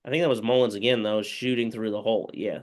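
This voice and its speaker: A man's voice: on the low side, fairly even intonation, quick pace. A man giving a casual play-by-play recap of a football game as a fan, rambling and full of fillers. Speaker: fan commentator.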